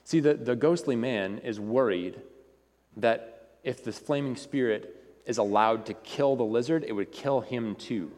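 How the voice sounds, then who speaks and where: A man's voice: mid-range voice, measured pace, darkish tone. A man preaching a sermon to a congregation in a conversational way, often repeating words as he goes. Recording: reverberant hall.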